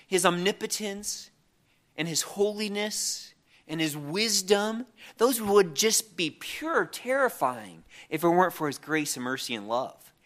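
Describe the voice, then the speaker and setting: A man's voice: sits high, fairly bright tone. A man preaching a sermon, reading scripture aloud and often restarting on repeated words.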